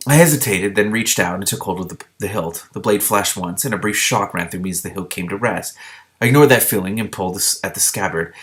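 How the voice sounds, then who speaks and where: A man with a low voice reads a fantasy novel aloud, stepping out now and then to add his own remarks. His delivery is steady, with small stumbles that he fixes as he goes. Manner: steady reading with small slips and self-corrections. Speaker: book reader. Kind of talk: reading a novel aloud with commentary.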